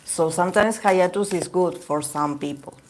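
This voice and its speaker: A woman's voice: on the low side, moderate pace. A woman whose first language is Spanish, giving a casual tarot reading to camera and often searching for words. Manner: hesitant, searching for words, many fillers. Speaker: tarot reader.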